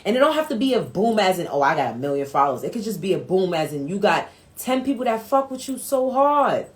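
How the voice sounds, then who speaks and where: A woman's voice: medium pitch, big pitch swings, fast talker. A woman hosts a casual live stream from home, talking into her phone. Her voice rises and falls a great deal, and she talks in a streetwise way, swearing freely. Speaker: host.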